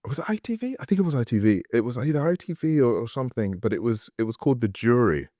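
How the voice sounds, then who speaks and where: A man, a podcast guest telling animated stories with many fillers and restarts, and laughing often. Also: medium pitch, fast talker, no room sound, clean studio sound. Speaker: guest, actor and studio founder. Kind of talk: casual podcast storytelling.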